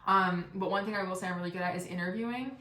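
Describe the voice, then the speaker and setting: A young woman hosting a podcast, telling a comic story in an animated, profane, self-mocking way. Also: lowish voice, racing, slight background noise. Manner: animated, profane, laughing at herself. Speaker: podcast host. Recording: roomy echo.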